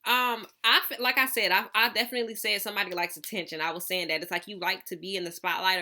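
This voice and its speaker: A woman's voice: medium pitch, pushed and bright. A woman giving a casual channeled tarot reading, rambling with lots of fillers and calling the viewer honey. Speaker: tarot reader.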